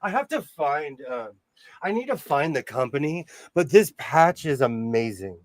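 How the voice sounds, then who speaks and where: A man hosting a casual sewing livestream from his home sewing room, easygoing and quick to laugh. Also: a little high, very animated, no echo. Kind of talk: casual chat.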